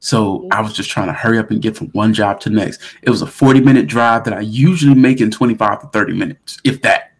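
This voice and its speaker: A young man co-hosting a casual talk show, telling a story with lively acted-out quotes. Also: on the low side, fast, hardly any pauses, breathy edge. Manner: animated storyteller who acts out quoted voices. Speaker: podcast co-host.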